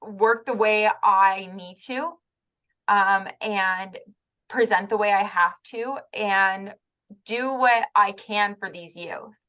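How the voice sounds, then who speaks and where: Quick, heartfelt woman co-host. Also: mid-range voice, sharp tone. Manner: quick and heartfelt, many "like" and "right" fillers. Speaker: podcast co-host, youth worker. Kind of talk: casual conversation.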